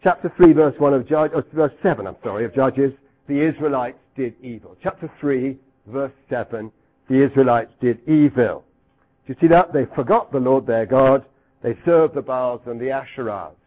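A middle-aged man teaching the Bible to a live group, lively and questioning, sometimes acting out cries. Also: medium pitch, normal speed, muffled recording. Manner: asks the audience questions, lively, acts out cries.

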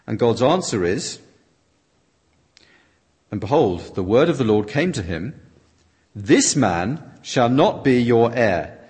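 A man's voice: medium pitch, very animated, slow pace, pauses often, darkish tone, breathy edge. A man preaching a sermon that is interpreted line by line, reading his quotations out dramatically. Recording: long reverb of a large hall.

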